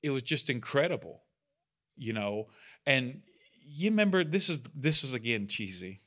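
A man's voice: mid-range voice, very animated, moderate pace, sharp tone. A man leading a church study group, talking casually and earnestly, with self-deprecating asides. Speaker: bible study leader. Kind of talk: casual teaching talk.

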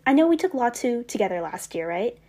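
A woman's voice: fairly high pitch, very animated, fairly quick, dark tone. A teenage girl interviewing a classmate, asking brief conversational questions and reading a short narration. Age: late teens. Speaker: student interviewer.

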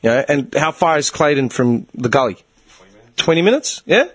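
A young Australian man in casual chat, swearing freely and explaining with quick rhetorical questions. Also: a little high, lively intonation, no room sound.

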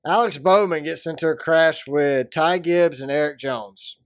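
A man co-hosts a casual sports podcast, joking and rambling about races and breaking into silly voices. He speaks unhurriedly in a slightly high voice, recorded at studio quality with no room sound.

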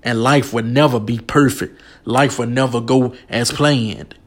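A man's voice: mid-range voice, steady tone, unhurried. A man preaching a sermon with emotional, emphatic delivery. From United States.

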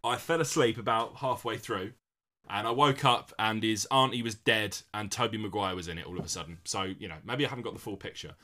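A man co-hosting a casual comedic podcast, rambling and acting out film scenes with big jumps in pitch. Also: a little fast, sharp tone. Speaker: podcast co-host.

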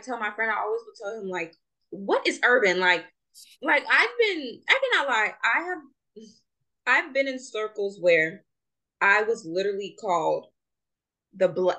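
A young woman from Jamaica co-hosts a casual podcast chat. Her voice is bright and ringing, and her pitch swings widely as she talks. She is animated and often laughs mid-sentence. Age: young adult. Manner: animated, laughs while talking. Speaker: podcast co-host.

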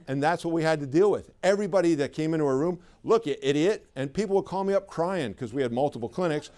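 A middle-aged man leads a live sales training, his voice a touch higher than most men's. He talks in an easy, conversational way but leans hard on his key points, often turning to the audience with questions. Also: lively intonation, fast talker, hardly any pauses, a little mellow. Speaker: sales trainer for clinic owners. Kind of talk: live seminar talk to an audience.

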